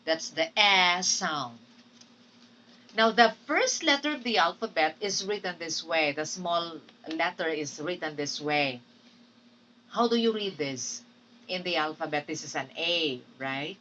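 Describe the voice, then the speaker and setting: A woman's voice: on the low side, animated, takes it slowly, bright, forceful tone, far from the mic, a little hiss or hum, low-quality recording. A woman with a Filipino accent, teaching English pronunciation in a patient classroom lecture, drilling words and repeating them. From Philippines.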